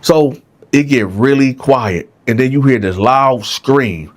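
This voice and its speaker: A man's voice: mid-range voice, slow pace. A man telling a jail story casually, often checking in with the listeners. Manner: conversational, frequent "right?", addresses listeners.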